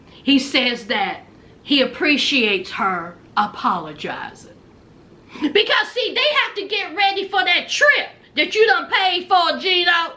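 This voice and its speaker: A woman, tipsy, recapping a reality show in a casual, animated storytelling way, acting out what people said. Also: very high-pitched, slow pace. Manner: animated storyteller, acts out quotes, laughs. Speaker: recap commentator.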